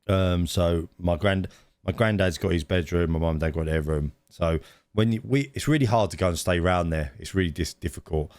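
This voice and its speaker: Middle-aged podcast co-host, deep voice, lively anecdotal delivery, dry studio mic. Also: male voice, moderate pace, no room sound. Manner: animated storyteller, laughs often, many restarts. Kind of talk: casual storytelling chat.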